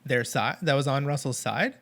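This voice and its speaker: A man co-hosting a casual TV recap chat, talking in a relaxed, halting way. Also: medium pitch. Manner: laid-back, halting, many fillers and restarts. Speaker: podcast co-host.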